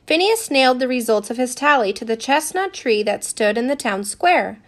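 A woman reading a children's storybook aloud with expressive, animated narration. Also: a little high, normal speed.

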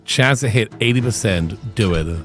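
A man's voice: lowish voice, expressive, moderate pace, soft background music. A man streaming a game, rambling casually with lots of filler words as he picks his moves. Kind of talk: casual gameplay commentary.

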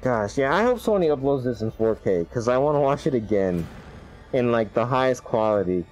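A man streaming his live reaction to a game event, chatty and excitable and laughing often. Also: medium pitch, fairly quick, low-quality recording.

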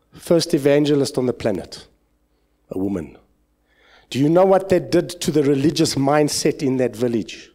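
Impassioned South African man preaching. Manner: impassioned, swings between loud exclamations and low asides. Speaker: pastor. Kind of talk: sermon. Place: church.

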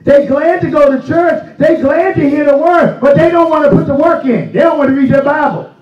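A man with a very high voice preaches a sermon, folksy and plainspoken, rising into shouts for emphasis. He is heard from a distance in a roomy church sanctuary, and the recording sounds a little dull. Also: a little fast. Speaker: pastor.

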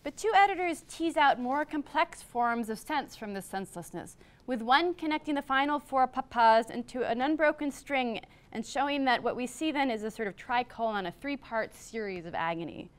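A woman professor giving a public lecture on classics, partly read from a script, measured, with brief asides. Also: high-pitched, animated, clear, resonant tone. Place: lecture hall.

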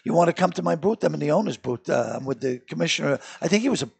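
Boston-accented comedian, male, husky and gravelly, animated rambling storyteller. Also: fairly high pitch, racing. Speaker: comedian guest. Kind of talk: casual storytelling chat.

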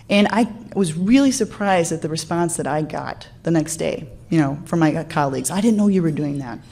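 A young woman giving a lively conference talk to an audience, acting out what colleagues said to her. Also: lowish voice. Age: young adult. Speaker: conference speaker.

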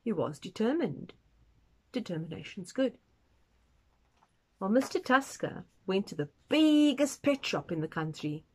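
A woman reading a children's picture book aloud, expressive and adding asides for young listeners. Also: mid-range voice, measured pace, long pauses, husky. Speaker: storytime reader.

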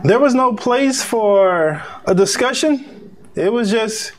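A man preaching a sermon in a conversational way, with pauses, restarts and drawn-out emphasis. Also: high-pitched, lively intonation, background noise. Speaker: pastor.

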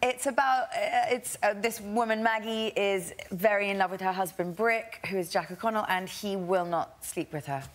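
A woman's voice: medium pitch, normal speed, few pauses. Woman actor on a talk show, bubbly chatty anecdote teller. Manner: chatty, animated storyteller, giggly. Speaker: guest actress.

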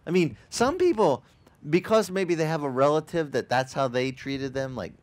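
A man preaching a sermon as pastor, animated and acting out the voices of the people he quotes. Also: on the high side, moderate pace. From Sicilian family background. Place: outdoor beach service.

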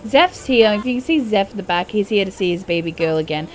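A woman's voice: medium pitch, lively intonation, fast talker. A young woman, chatting casually as she plays a life-simulation game and playfully scolding her characters. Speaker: gaming YouTuber. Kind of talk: casual gameplay commentary.

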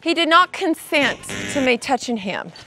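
High-pitched goofy woman hosting kids' video. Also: very animated, moderate pace, pushed and bright, soft background music. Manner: goofy, chatty, talks to the animals. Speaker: kids' show host. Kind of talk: playful educational kids' vlog. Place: outdoor animal sanctuary.

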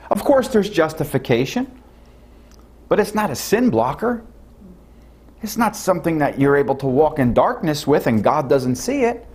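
Earnest preacher man with swinging emphasis. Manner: earnest, repetitive, rising to emphatic stresses and dropping to low, quiet tones. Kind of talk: sermon.

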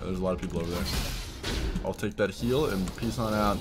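A young man giving excited, laughing commentary while playing a video game, with loud yelps between mumbled asides. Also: low voice, fairly quick, noisy background. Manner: hyped, yelling bursts and mumbled asides; laughs often. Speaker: streamer. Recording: game music behind voice. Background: game music.

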